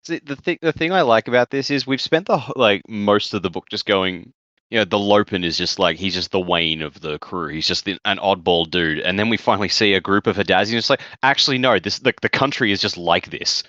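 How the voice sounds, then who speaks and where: A man's voice: lowish voice, fairly quick, fairly bright tone, dry recording. An Australian man co-hosting a podcast in casual chat. He laughs easily, pokes fun at himself and swears casually. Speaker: podcast co-host. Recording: dry, slightly dull mic.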